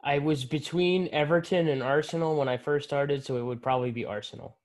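A man's voice: fairly high pitch, fairly quick. A man who is a guest in a casual interview, giving easygoing and thoughtful answers.

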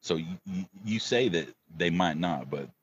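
A man's voice: deep voice, animated, moderate pace, a little hiss or hum. A man chatting casually as a podcast guest, emotional and rambling, cursing freely. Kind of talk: casual chat. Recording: dull lo-fi remote line.

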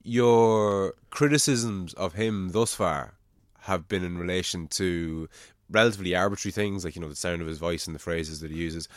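A man hosting a casual podcast chat, quick to tease and challenge his guest. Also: low-pitched, no room sound, studio quality.

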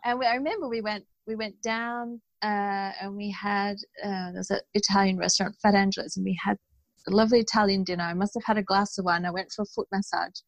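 A woman, a guest in a conversational interview, speaks earnestly and tells her story with animation. Her voice sits at a middle pitch. The recording is dry and close, with no room sound. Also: steady tone, fast talker, dry recording, muffled recording.

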